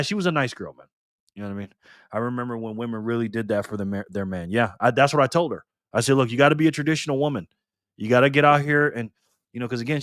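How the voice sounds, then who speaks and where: A man's voice: medium pitch, a bit bright, no echo, clean studio sound. A man hosting a casual live stream, chuckling and greeting viewers by name as he reads their comments aloud.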